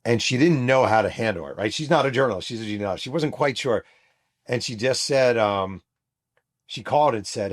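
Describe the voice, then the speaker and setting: A man's voice: fairly low pitch, moderate pace. A middle-aged man hosting his own show, telling a story in an emphatic monologue that acts out the people he quotes. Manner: emphatic, re-enacts quoted voices. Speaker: host, author and journalist.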